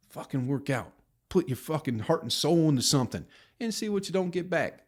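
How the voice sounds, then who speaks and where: A man's voice: a little high, animated, normal speed, husky. A man hosting his own podcast, rambling and ranting with heavy swearing and mocking impressions of people. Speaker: podcast host. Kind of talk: solo rambling podcast monologue.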